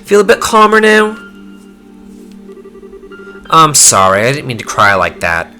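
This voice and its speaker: A man voicing a timid, caring young girl in an anxious, pleading voice pitched well above his own. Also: huge pitch swings, measured pace, pushed and bright, soft background music, heavily acted. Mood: worried.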